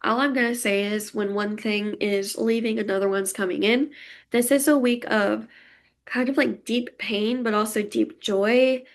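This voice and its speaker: In a fairly high voice with a steady tone and moderate pace, a woman leads a casual pick-a-card tarot reading. She is chatty and emotional, laughing often and warmly reassuring her viewers.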